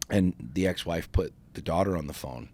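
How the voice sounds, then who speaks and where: Male podcast co-host, very low voice, emphatic and profane storyteller. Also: normal speed, a little mellow, husky. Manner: emphatic, profane, frequent restarts. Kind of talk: casual storytelling chat.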